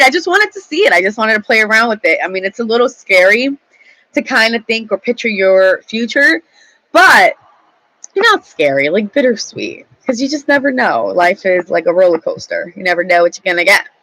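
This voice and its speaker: A woman's voice: fairly low pitch, pushed and bright, no echo, low-quality recording. A young woman vlogger telling a story in a chatty, rambling way, swearing freely. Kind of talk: casual storytelling to camera.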